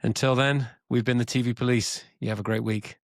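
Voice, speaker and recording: A man's voice: medium pitch, flat delivery, brisk, no echo, clean studio sound. Genial man co-hosting a podcast. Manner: genial, hesitant, wraps up the show. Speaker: podcast co-host, former cast member. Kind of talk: casual podcast chat.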